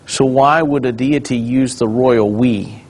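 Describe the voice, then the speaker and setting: A man, a pastor, teaching a Bible study in a relaxed conversational way, explaining and quizzing the class with questions. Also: medium pitch, measured pace, slight background noise.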